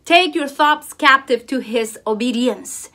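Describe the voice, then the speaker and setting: A woman vlogging a casual craft tutorial that turns into devotional talk, speaking with enthusiastic, expressive exclamations. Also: high voice, a little slow.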